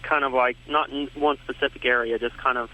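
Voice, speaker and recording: A man calling in to a radio show, speaking in a hesitant, halting way. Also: medium pitch, fairly even intonation, bright, forceful tone. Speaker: caller. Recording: dull lo-fi phone line.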